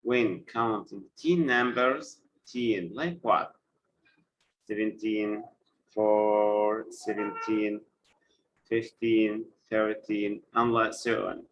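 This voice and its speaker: Slow, deliberate male teacher. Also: fairly low pitch, fairly even intonation, highs cut off, a little hiss or hum. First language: Arabic. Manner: repeats words slowly for students, switches between English and Arabic. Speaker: English teacher. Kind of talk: live online English lesson.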